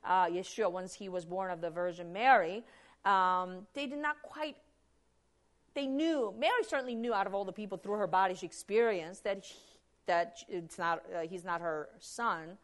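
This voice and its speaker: A woman preaching a sermon in an animated, emphatic way, with frequent restarts and acted-out quotes. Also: medium pitch, normal speed.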